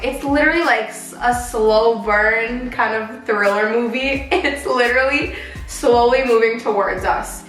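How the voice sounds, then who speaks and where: Chatty young woman vlogger, roomy echo. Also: on the high side. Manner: animated, chatty, many "like" fillers. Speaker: beauty vlogger. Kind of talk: casual storytime vlog while doing makeup. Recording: roomy echo with faint background music.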